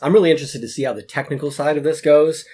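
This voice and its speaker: A man's voice: fairly high pitch, racing, darkish tone, breathy edge. A man co-hosting a casual podcast in a shared room, playful and jokey. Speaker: podcast co-host.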